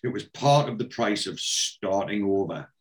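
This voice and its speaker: A man's voice: on the low side, lively intonation, moderate pace, voice pushed down, close to an everyday voice. A man voicing a self-pitying disgraced author who reads theatrically from his own book. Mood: mournful.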